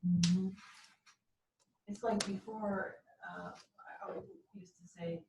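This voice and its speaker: A woman in a casual group call, lively in her talk and quick to laugh. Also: medium pitch, creaky, roomy sound, far from the mic, background noise. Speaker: participant in a community call. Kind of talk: casual chat.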